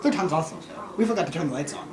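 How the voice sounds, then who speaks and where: A man telling a funny story in animated comic style, often laughing as he goes. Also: fairly high pitch, rapid-fire, crowd noise, rough recording. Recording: family laughing in the room.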